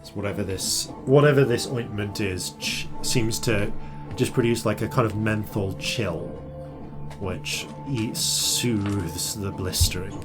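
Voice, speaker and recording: A man serves as game master, describing a tabletop game in a hesitant way with many fillers and restarts. His voice is somewhat low, and soft music runs faintly in the background. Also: a little slow.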